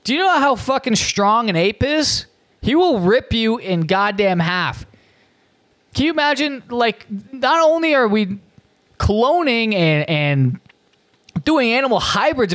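A man's voice: very high voice, very animated, unhurried, a bit bright. A man hosting a comedy show, delivering a profane, incredulous rant with frequent stumbles and restarts. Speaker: podcast host.

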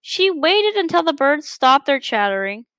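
A woman's voice: high voice, very animated, normal speed, a bit bright, dry recording. A woman reading a children's storybook aloud, carefully, with frequent stumbles and restarts. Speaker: story reader.

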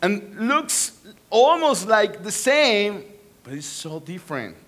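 A man with a Spanish accent preaching a sermon as a pastor, animated and joking with the congregation. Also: high-pitched, slow pace.

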